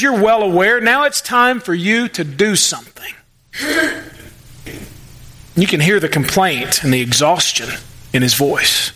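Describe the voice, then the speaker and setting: A man preaching a sermon in church, talking conversationally and acting out prayers in quick asides. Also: high voice, sharp tone, low-quality recording. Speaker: pastor.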